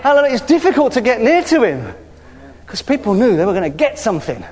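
Male preacher with a high voice, chatty and animated, recorded with long hall reverb. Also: fast talker. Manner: lively, conversational preaching with frequent hallelujahs. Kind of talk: sermon. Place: church hall.

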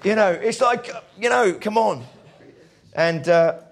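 A man's voice: high voice, slow, creaky. A man preaching a sermon in a conversational, storytelling way, acting out the people in his stories. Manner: conversational storytelling, acts out quoted voices.

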